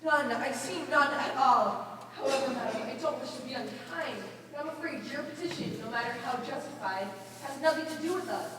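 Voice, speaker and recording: A woman's voice: high voice, brisk, natural voice. A young woman acting an exasperated, patronizing male bank manager in a stage play, with stiff, curt delivery. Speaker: student actor. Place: school auditorium stage. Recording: echoey hall, distant mic, hiss.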